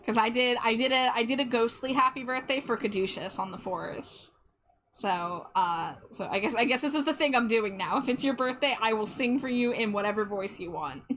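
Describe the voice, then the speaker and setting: A woman's voice: fairly high pitch, a little fast, fairly bright tone, a little hiss or hum. A woman streaming while she draws, chatting casually and a bit self-deprecating, often repeating her words. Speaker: art streamer.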